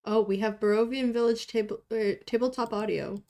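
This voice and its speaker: A woman's voice: on the high side, steady tone, a little fast, mellow. A woman player chatting enthusiastically on a voice call before a tabletop game. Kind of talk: casual chat on a voice call.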